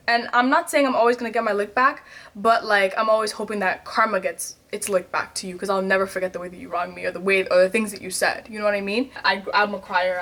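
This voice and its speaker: A woman, telling candid stories about herself in a vlog, swinging between loud outbursts and quiet asides. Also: medium pitch. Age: 20s. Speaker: vlogger.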